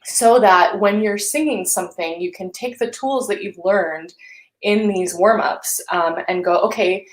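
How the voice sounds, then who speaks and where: A woman's voice: medium pitch, measured pace. Encouraging female vocal coach, roomy sound. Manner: gentle, encouraging guidance with hums and sung syllables. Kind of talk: live-streamed vocal warm-up instruction. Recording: roomy echo.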